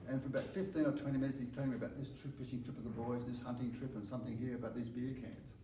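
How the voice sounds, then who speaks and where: A man tells his testimony as a sermon, caught up in the tale and tripping over his words as he goes. His voice is soft and warm. He sounds set back from the mic in a reverberant room, with a faint hum of ambience behind him. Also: medium pitch, rapid-fire, far from the mic. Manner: animated storyteller who stumbles and repeats words. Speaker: preacher sharing a testimony. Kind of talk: storytelling sermon.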